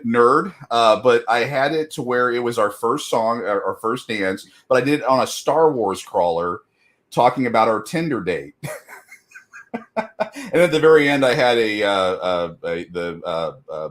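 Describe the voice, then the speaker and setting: A man's voice: fairly low pitch, fairly bright tone. A middle-aged man in casual chat as a guest, talking loosely with many fillers and frequent laughs.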